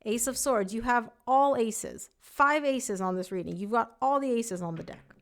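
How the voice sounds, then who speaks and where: A woman's voice: a little high, moderate pace. Woman tarot reader, chatty and emphatic, casual direct address. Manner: chatty, emphatic, voices the client's thoughts.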